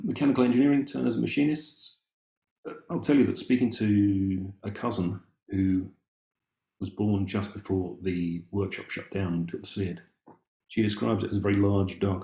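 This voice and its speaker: A man talks casually and wryly, thinking aloud with ums and restarts. His voice sits fairly low. The room around him rings with a clear echo. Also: warm tone. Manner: musing, wry, with many ums and restarts. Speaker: amateur family historian presenting. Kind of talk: casual talk with read-aloud documents.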